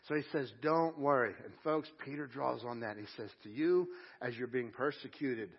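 A man preaching a sermon at a live church service, earnest, slowing down to stress each scripture line. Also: medium pitch, breathy edge, lo-fi sound. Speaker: pastor.

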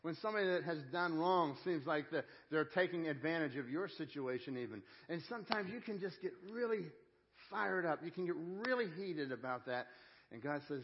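A man's voice: a little high, lively intonation, fairly quick, lo-fi sound. Earnest man preaching a sermon. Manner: earnest, conversational preaching with repeated phrases and restarts. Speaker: pastor.

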